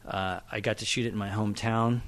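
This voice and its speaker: A man's voice: fairly low pitch, brisk. A middle-aged man from Oklahoma, a screenwriter and director, chatting casually in an interview and acting out the people he quotes. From Oklahoma, USA. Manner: animated storyteller, acts out quotes, laughs often.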